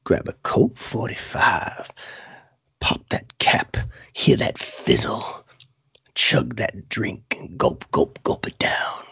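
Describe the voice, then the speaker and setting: Man putting on a gravelly hoarse malt liquor pitchman. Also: no echo, full character voice. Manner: slow, hushed, drawn-out sales pitch. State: sick, hoarse.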